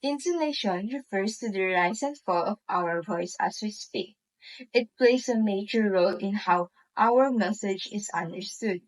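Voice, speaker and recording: Slow Filipino woman presenting a lesson. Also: mid-range voice, low-quality recording. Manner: slow, deliberate, reads examples aloud. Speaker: student presenter.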